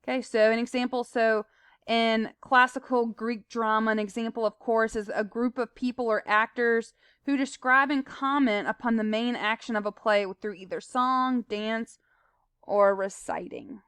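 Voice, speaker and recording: Woman, teacher, recorded lesson, fairly high voice, smooth, plain explaining with fillers. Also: fairly even intonation, normal speed, a bit bright, no room sound.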